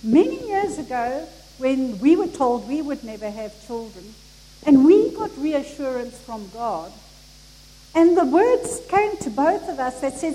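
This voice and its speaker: A woman preaching a sermon, acting out the people in the story with expressive delivery. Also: sits high, unhurried. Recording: echoey hall with faint noise.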